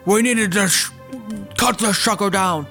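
A man's voice: sits high, a little slow, pushed and bright, faint music behind, exaggerated voice. A man doing an exasperated young boy.

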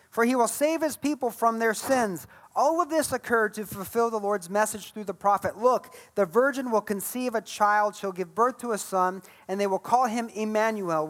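A man preaching a sermon as a pastor, retelling Bible stories in an animated way and acting out the scenes. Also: sits high.

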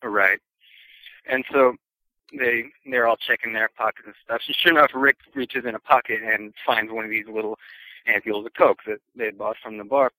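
A man casually telling a long anecdote, chatty and relaxed, acting out the voices of the people in it. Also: fairly low pitch, normal speed, no room sound, poor audio. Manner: relaxed, chatty, acts out quoted voices, chuckles. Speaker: storyteller. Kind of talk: casual podcast storytelling.

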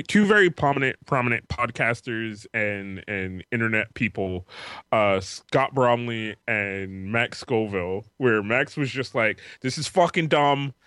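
A man co-hosting a casual podcast, telling stories in a relaxed way with many fillers. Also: fairly low pitch, a little slow, dry recording. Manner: relaxed storyteller, hesitant with fillers. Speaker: podcast co-host. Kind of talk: casual chat.

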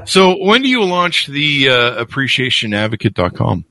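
A male host whose pitch moves up and down a lot as he runs an interview. The recording is dry and close, with no room sound, and he jokes at his own expense between questions. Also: big pitch swings, normal speed, bright, forceful tone, dry recording. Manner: jokey, self-deprecating banter. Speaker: show host. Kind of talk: casual interview conversation.

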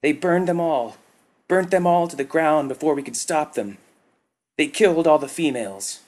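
Cowering alien worker, audiobook, stammering and raised in pitch, performed by a man. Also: unhurried, darkish tone, lightly acted. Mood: sobbing. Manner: stammering, sobbing report.

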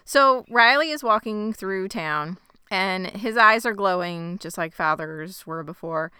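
A woman co-hosting a casual podcast, retelling a TV episode in an animated way with jokes and the odd swear. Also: medium pitch, a little slow, smooth, no room sound, clean studio sound. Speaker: podcast co-host. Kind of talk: casual TV recap chat.

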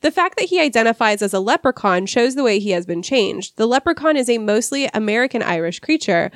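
A woman's voice: fairly high pitch, sing-song, fairly quick, dry recording, clean studio sound. A woman hosting a casual literary discussion podcast, reading quoted passages and stumbling over hard words. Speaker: podcast host.

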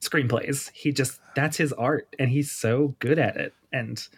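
A man's voice: medium pitch, unhurried, a little hiss or hum. A man from Pennsylvania, a guest on a film podcast, chatting with enthusiastic, self-deprecating giggles. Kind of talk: casual film chat.

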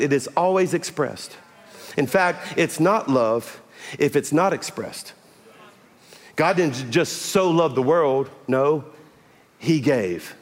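High-voiced pastor preaching in a hall. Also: male voice. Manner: animated, folksy, chatty with the audience. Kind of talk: sermon.

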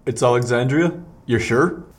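A man's voice: mid-range voice, moderate pace, close to an everyday voice. A man voicing a blunt, rude young male hero who talks in a curt, dismissive way.

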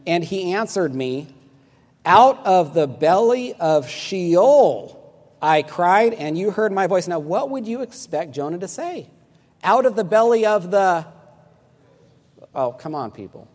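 A man's voice: sits high, darkish tone, long reverb tail. A man preaching a sermon to a congregation, emphatic and questioning, asking listeners to answer back. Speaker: pastor.

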